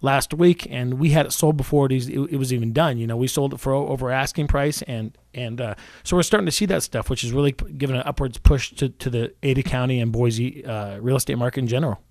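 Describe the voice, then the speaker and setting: With a mid-range, darkish voice, this man in his forties hosts a radio talk show as a real estate agent. He speaks fast, often restarting and repeating words, in a dry, clean studio recording.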